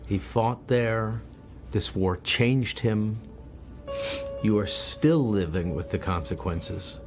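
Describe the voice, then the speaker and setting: A man working as a news correspondent, asking measured, deliberate questions in an interview. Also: fairly low pitch, over music.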